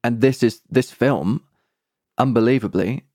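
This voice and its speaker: A man's voice: mid-range voice, unhurried, dark tone, dry recording, clean studio sound. A man co-hosting a podcast, chatting enthusiastically. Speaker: podcast co-host. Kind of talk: casual chat.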